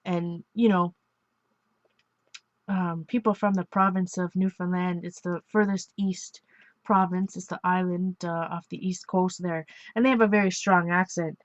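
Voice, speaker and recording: A woman's voice: lowish voice, steady tone, measured pace, no room sound, dull audio. Rambling chatty Canadian woman crafting. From Ontario, Canada. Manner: rambling, chatty, laughs often, self-correcting. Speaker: art journaling vlogger. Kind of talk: casual chat while crafting.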